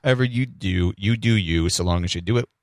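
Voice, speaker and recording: A man's voice: sits low, fast, no echo, clean studio sound. A man co-hosting a radio show, bantering casually with joking, rambling asides.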